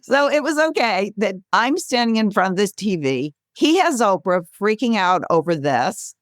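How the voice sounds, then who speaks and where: A woman in her sixties, a guest author and speaker, telling stories in an interview with lively, laughing delivery. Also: moderate pace, no echo, clean studio sound. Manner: animated, acts out quotes with bright pitch jumps, laughs often. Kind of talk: conversational storytelling.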